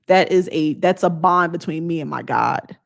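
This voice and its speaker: A woman's voice: sits low, normal speed, vocal fry. A woman vlogger giving a blunt, emphatic motivational talk in a casual way.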